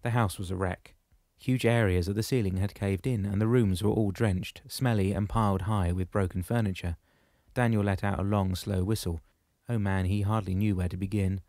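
A man reading a novel aloud in a steady, measured storytelling manner. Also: lowish voice, no room sound, studio quality. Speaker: audiobook narrator. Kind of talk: scripted narration.

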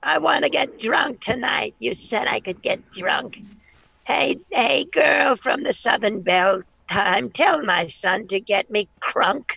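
A man voicing a pushy 87-year-old woman on a prank call, croaking and calling everyone "dear". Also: very high-pitched, takes it slowly, pushed and bright, no room sound, dull audio, heavily acted. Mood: demanding. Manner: croaky granny voice, ends every line with "dear".

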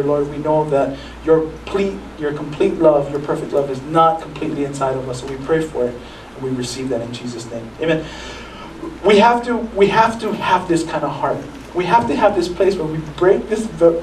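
A man's voice: a little high, a little mellow, reverberant, far from the mic, slight background noise, low-quality recording. A male pastor giving a sermon in a conversational way, with frequent restarts and acted-out asides. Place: church sanctuary.

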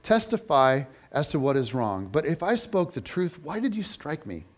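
A man reading a calm, steady male teacher. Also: on the high side, normal speed. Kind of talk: scripture reading.

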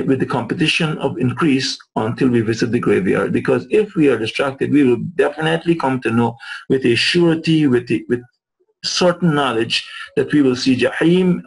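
In a recorded lesson explaining verses, a man teaches Arabic words of the Quran, repeating and restating each term as he goes. His medium-pitched voice has vocal fry and a breathy edge, and the recording is rough.

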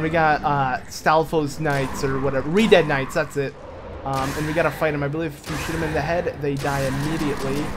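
A man's voice: a little high, a little hiss or hum. A young man giving casual let's play commentary while shooting at a game, often yelping and exclaiming when startled. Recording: game music loud behind voice. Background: game music.

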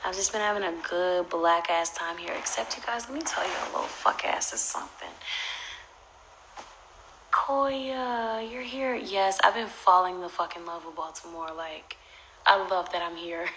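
Animated profane young woman on a livestream. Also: on the low side, fairly quick, slight background noise, rough recording. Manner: animated and profane, swinging between loud outbursts and whispered asides. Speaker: social media personality on a livestream. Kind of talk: casual livestream storytelling. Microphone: phone.

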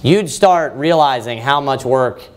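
A man preacher giving a verse-by-verse sermon, animated and conversational, often restarting his sentences. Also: mid-range voice, measured pace, clear, resonant tone. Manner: animated, with frequent restarts and rising emphasis.

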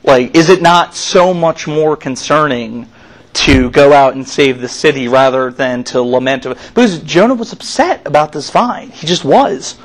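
A man's voice: a little high, unhurried, low-quality recording. A man giving a sermon as youth minister in a church, preaching in a casual, chatty way with plenty of fillers.

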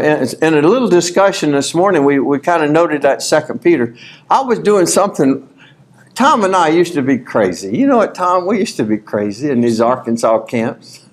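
A man preaching a sermon at a conference, folksy and animated, reading scripture aloud and rising to shouts. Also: on the high side. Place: conference hall.

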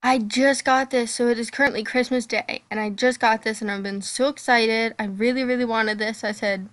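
Bubbly high-voiced female gamer. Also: moderate pace, hardly any pauses. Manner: bubbly, excitable chatter. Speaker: gaming channel host. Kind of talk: casual gameplay commentary.

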